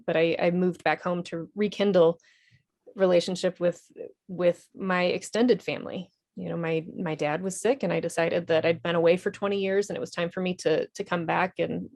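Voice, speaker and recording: A woman's voice: lowish voice, fairly even intonation, moderate pace, creaky, a little mellow. A woman, an Army veteran and nonprofit director, telling her story in a TV interview in an earnest, candid way with small restarts.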